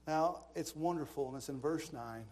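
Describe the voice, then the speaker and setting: A man preaches in an animated storytelling style, his voice pitched a touch higher than most men's. He drops into quiet asides and breaks into laughter as he tells his stories. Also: normal speed. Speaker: pastor. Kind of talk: storytelling sermon.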